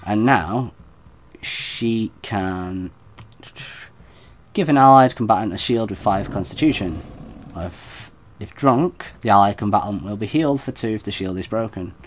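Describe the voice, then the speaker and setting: A man's voice: fairly low pitch, unhurried. A man giving chatty, self-deprecating commentary while streaming a game. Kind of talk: let's play commentary.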